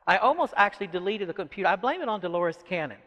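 A man who is an author, giving an animated, rambling talk to a live audience and dropping in lots of "you know" asides. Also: sits high, racing, muffled recording. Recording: echoey hall.

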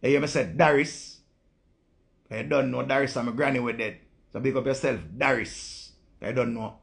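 A man with a rough, gravelly Jamaican voice, holding forth to his stream viewers in a loose, unscripted monologue. He talks bluntly in patois, swears freely and circles back to his points. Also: mid-range voice, fairly even intonation, moderate pace. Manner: blunt, profane ranting in patois. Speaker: live-stream host.

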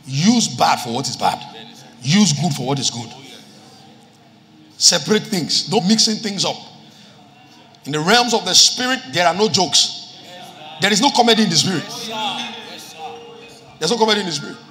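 A man's voice: high voice, expressive, moderate pace, long pauses, pushed and bright. A man preaching a sermon as pastor, quoting scripture and repeating key lines for emphasis. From Nigeria. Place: church hall with live congregation. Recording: reverberant church hall with music.

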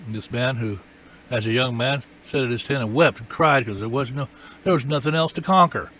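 A man's voice: mid-range voice, moderate pace, fairly bright tone, a little hiss or hum. A man preaching a sermon, emphatic and repetitive, his voice rising and falling with feeling.

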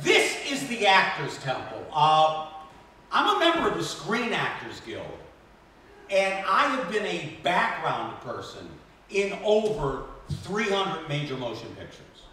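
Fifties guy doing standup, high bouncy voice, sharp tone, really echoey room, faint hum behind. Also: unhurried, recorded from a distance. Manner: animated, jokey, self-deprecating. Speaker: stand-up comedian. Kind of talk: stand-up comedy set. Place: stage at a benefit concert in a temple.

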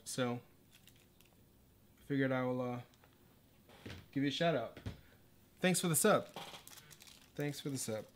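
A man chatting casually on a livestream while assembling a computer, rambling and self-deprecating, sometimes drifting away from the mic. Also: medium pitch. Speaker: livestreaming artist.

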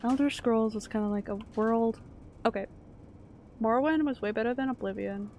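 A young woman from Canada chatting and reacting loudly while streaming a game. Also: on the high side, normal speed, slight background noise. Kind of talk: live game stream commentary.

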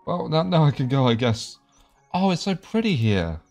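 A man's voice: on the high side, sing-song, moderate pace, darkish tone, faint music behind. A young man casually commentating his video game play, joking and reading the game's dialogue aloud. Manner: chatty, jokey, reads game dialogue aloud. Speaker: gaming video creator.

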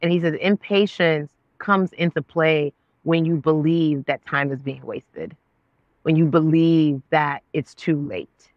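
Animated woman telling her story. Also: low voice, measured pace, no echo, highs cut off. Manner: expressive, acts out her own past dialogue with God. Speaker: guest, actress and author.

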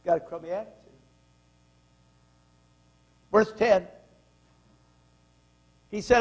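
High-pitched guy preaching a sermon in church, reads the bible out, keeps asking the crowd stuff. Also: slow, long pauses, low-quality recording. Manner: emphatic preaching, reads scripture aloud, asks the congregation questions. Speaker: pastor. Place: church sanctuary.

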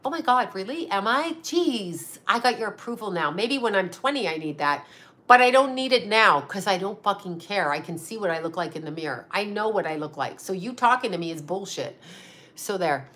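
A woman's voice: mid-range voice, expressive, a little fast, sharp tone. A middle-aged woman hosting a casual livestream chat as a psychic medium, blunt and sarcastic, swearing freely. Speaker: psychic medium and astrologer host.

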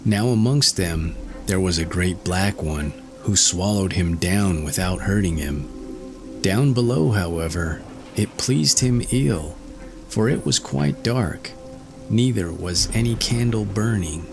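A man narrating a classic fairy tale in a slow, measured storytelling manner. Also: low voice, lively intonation, over music. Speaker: audiobook narrator.

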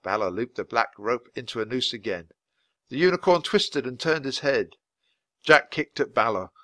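A man reading a children's storybook aloud at a natural, steady pace for learners. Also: mid-range voice, normal speed, dry recording. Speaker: reader.

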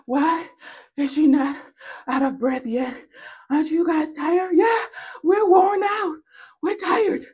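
A woman's voice: slow, long pauses, a little mellow. Woman putting on whiny, worn-out rivals. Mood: exasperated. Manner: high, whining, strained complaining.

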